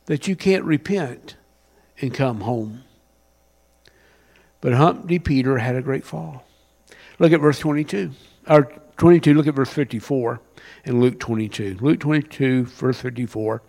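A man preaching a sermon, rising to loud emphatic passages and dropping to a near whisper. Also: medium pitch, a little slow, vocal fry, long pauses. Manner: reads scripture with plain conversational paraphrase. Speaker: pastor.

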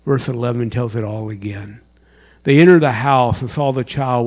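A man giving a sermon as a chaplain, with dramatic storytelling, sudden loud bursts and hushed whispers. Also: medium pitch, steady tone, moderate pace.

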